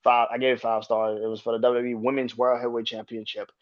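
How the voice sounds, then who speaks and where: A man in the middle of a loose podcast rant who swears constantly and keeps breaking into squeaky, incredulous shouts. His voice sits in an ordinary middle register. The recording is a bit muffled and lo-fi. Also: fast talker. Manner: profane, excitable, jumps to high-pitched outbursts. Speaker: podcast host. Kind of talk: casual wrestling review rant.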